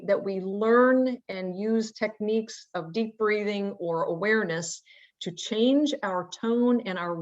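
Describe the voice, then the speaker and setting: A woman's voice: medium pitch, muffled recording. A woman presenting a training webinar, explaining ideas in a conversational way with fillers and rhetorical questions. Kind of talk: instructional webinar talk. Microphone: remote webinar audio.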